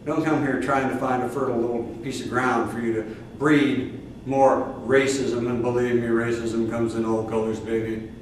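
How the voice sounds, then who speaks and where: An older man with a Midwestern American accent preaching a sermon to a congregation, emphatic and fiery, with sudden loud bursts and drawn-out stresses. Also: medium pitch, flat delivery. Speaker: spiritual teacher. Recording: echoey distant room recording with faint noise.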